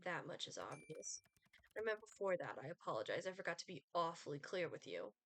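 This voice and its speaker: A woman's voice: low-pitched, big pitch swings, fairly quick, fairly bright tone, full character voice. A woman reading aloud the lines of a sardonic, aloof male Reaper from a dating game, with a dry, condescending delivery. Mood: haughty.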